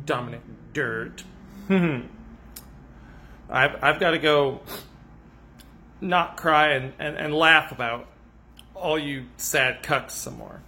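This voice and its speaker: Bright-voiced man ranting sarcastically. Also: takes it slowly, pauses often, slight background noise. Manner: sarcastic mock-defensive rant, stammering repeats, swooping pitch. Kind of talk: satirical comedic monologue in character.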